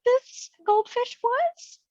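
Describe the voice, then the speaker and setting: Tabletop player, female, slow and careful, dry lo-fi sound. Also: very high voice, animated, a little mellow, dry recording. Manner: deliberate, questioning. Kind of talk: casual tabletop play. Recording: dull, dry lo-fi mic.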